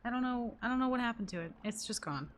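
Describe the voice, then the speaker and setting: A woman's voice: a little high, lively intonation, quick pace, a little hiss or hum. A woman live streaming from her desk at home, chatting casually to viewers in an exasperated, rambling way and swearing a lot.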